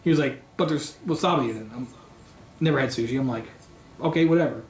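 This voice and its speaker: A man telling a story in casual chat, in short, clipped, deadpan phrases. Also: medium pitch, fast talker, a little hiss or hum. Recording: roomy with faint background ambience.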